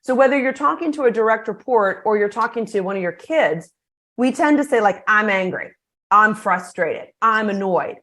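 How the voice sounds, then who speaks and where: A middle-aged woman, a guest speaker on a podcast interview, explaining her ideas in an energetic, animated way. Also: mid-range voice, normal speed.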